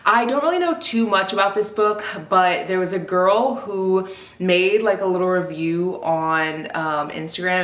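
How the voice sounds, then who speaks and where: A woman's voice: fairly low pitch, a bit bright, roomy sound. A young woman chatting casually to camera about books, rambling and filler-heavy. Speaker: book vlogger.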